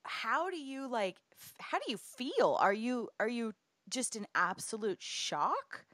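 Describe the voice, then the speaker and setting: Lively, unhurried woman host. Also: on the high side, no echo, clean studio sound. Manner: warmly exclaims and asks gentle questions. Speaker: podcast host. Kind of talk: interviewing, reacting.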